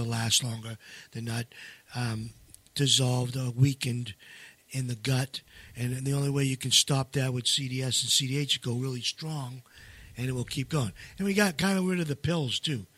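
A man's voice: mid-range voice, moderate pace, a bit bright, no room sound. A man leading seminars who talks in a rambling way, full of restarts and fillers, and pushes hard on his main points. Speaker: seminar leader and co-author. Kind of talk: casual promotional chat.

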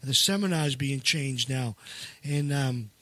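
A man with a mid-range, bright voice speaks slowly and forcefully, recorded with no echo. He leads seminars and co-wrote a book, and in this casual promotional chat he rambles with restarts and fillers while pushing hard on his main points.

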